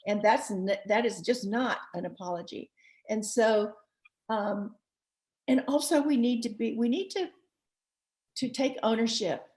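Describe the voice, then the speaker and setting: A woman's voice: a little high, a little slow, long pauses, a little mellow. Passionate, emphatic woman author. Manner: passionate, emphatic, laughs lightly between points. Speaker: author and guest. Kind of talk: podcast interview.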